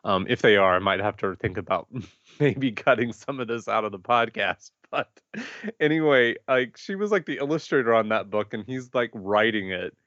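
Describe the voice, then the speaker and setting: A fairly low-voiced man co-hosting a podcast, animated and laughing, stumbling over restarts. The audio is slightly dull and dry. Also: normal speed, no room sound. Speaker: podcast co-host. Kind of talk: casual podcast chat.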